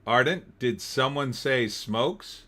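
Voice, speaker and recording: A man's voice: mid-range voice, lively intonation, slow pace, bright, forceful tone. A middle-aged man from New Jersey hosting a casual livestream, rambling about his week and reading viewer comments aloud. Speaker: livestream host.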